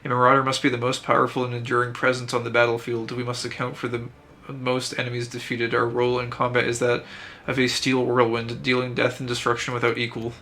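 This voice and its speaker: Brief: man voicing a grim veteran axe master, formal and grand, bright tone, flat contour. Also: medium pitch, fast talker, a little hiss or hum. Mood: stern. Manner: grandiose, formal read-aloud delivery. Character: stern battle-scarred male axe guild master.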